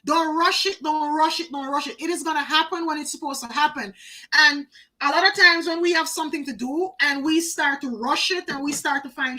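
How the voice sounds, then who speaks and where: A woman's voice: sits high, sharp tone, poor audio. A woman doing a live oracle card reading, chatty, talking to viewers by name and repeating phrases for emphasis.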